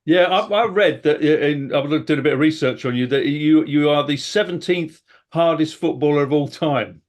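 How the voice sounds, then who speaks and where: A man's voice: fairly high pitch, moderate pace. A man co-hosting a casual chat, asking questions in an easygoing way. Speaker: co-host.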